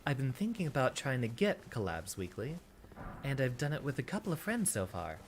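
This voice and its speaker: A man from Texas streaming a video game in a put-on teacher persona voice, thinking aloud in relaxed, chatty commentary. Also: mid-range voice, fairly quick, slight background noise. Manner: performs a put-on teacher persona voice rather than his real one. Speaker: VTuber streamer. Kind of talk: casual gameplay commentary. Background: game music.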